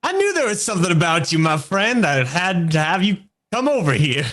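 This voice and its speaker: A man's voice: high voice, very animated, brisk, fairly bright tone. A man voicing a boisterous, showy man with a big laugh, in a tabletop role-play game. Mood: jovial.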